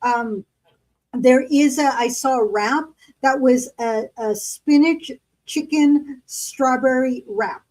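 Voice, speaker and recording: A woman chats casually as a podcast co-host, spinning long stories full of fillers. Her voice sits high. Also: slow, a little mellow, rough recording. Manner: chatty storyteller, lots of fillers. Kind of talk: casual chat.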